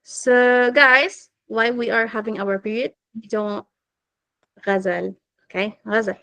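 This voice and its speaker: Gentle woman teacher. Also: on the high side, fairly even intonation, unhurried, gravelly, no room sound, low-quality recording. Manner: gentle, simple, patient explaining to children. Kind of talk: online religious class for girls. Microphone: video call.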